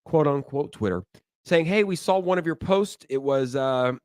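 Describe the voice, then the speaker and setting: A man's voice: on the high side, normal speed, darkish tone, clear, resonant tone, no echo, clean studio sound. A man in his thirties hosting a casual crypto talk show, emphatic and repeating words for stress. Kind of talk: casual podcast chat.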